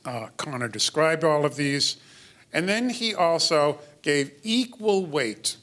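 A man's voice: a little high, expressive, takes it slowly, fairly bright tone. Man lecturing in a hall. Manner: explanatory, wry asides, occasional fillers. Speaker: developmental pediatrician lecturing. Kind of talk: lecture to an audience.

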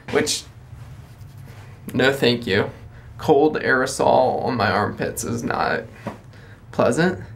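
A young man telling a story to his vlog camera in a chatty, rambling way. His voice swings up and down with a lively intonation and sits at a mid pitch. He often stops to correct himself and then carries on. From United States. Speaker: vlogger.

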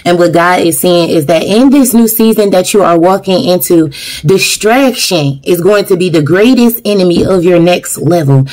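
A woman's voice: fairly low pitch, expressive, normal speed, a little mellow. A young adult woman preaching a fervent online sermon, repeating "glory be to God" and reading scripture. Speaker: online minister. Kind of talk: preaching to camera.

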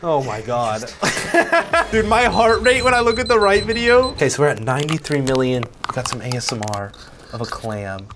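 A young man hosting a reaction video, talking casually with slang and quick exclamations. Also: a little high, very animated, music in the background.

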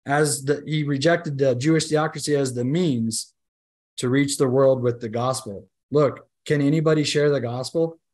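A man's voice: mid-range voice, fairly even intonation, moderate pace, darkish tone. A man teaching a Bible study class in a conversational, emphatic way, often asking the group "right?" and restarting his sentences.

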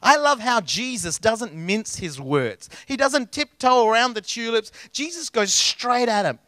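A man's voice: extremely high pitch, animated, a little slow, pushed and bright, no echo. Man, middle-aged pastor, sermon, emphatic and chatty, dry sound. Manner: emphatic, conversational preaching with repeated phrases.

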